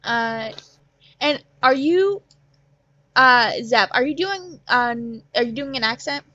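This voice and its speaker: A woman's voice: a little high, lively intonation, slow, sharp tone, no echo, lo-fi sound. A woman running a tabletop game as game master, talking casually with fillers and laughter.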